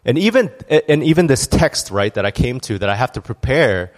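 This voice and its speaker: A man's voice: mid-range voice, sing-song, normal speed. A man preaching a conversational sermon, candid and storytelling, with frequent restarts and asides. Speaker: church speaker.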